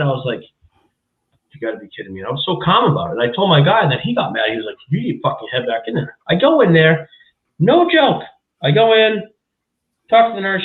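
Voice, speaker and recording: A man's voice: sits high, reverberant, phone-quality sound. A man hosting a casual chat, telling a story with lots of swearing and acting out what others said. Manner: profane, animated storyteller who acts out quotes. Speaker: podcast host.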